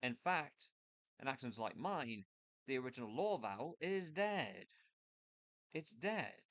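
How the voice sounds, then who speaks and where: A man's voice: mid-range voice, sing-song, fairly bright tone, dry recording. Man musing over vowels. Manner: thinking aloud, loose and hesitant, with pauses and restarts. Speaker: video creator explaining accents. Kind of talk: casual spoken explainer over a screen recording. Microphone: computer mic with screen capture.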